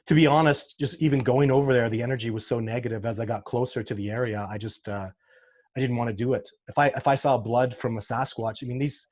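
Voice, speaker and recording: A man's voice: mid-range voice, fairly even intonation, fast talker, darkish tone. A man speaks with earnest, heartfelt emotion, circling back and restarting as he recounts encounters in the wild. His voice sits in an ordinary middle register. He talks like an interview guest swept up in his own stories. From Canada. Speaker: sasquatch researcher guest. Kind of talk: casual interview talk.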